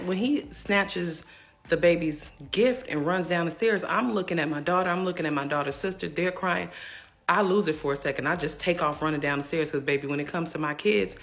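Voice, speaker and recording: Gravelly woman recounting a story. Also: low voice. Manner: emphatic, animated when retelling a confrontation. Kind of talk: storytime recounting a personal drama.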